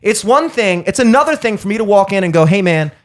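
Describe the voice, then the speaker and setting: A man's voice: sits high, animated, quick pace. A young man hosting a podcast, telling a heated, profane story as a comedic rant and acting out both sides of it. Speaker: podcast host.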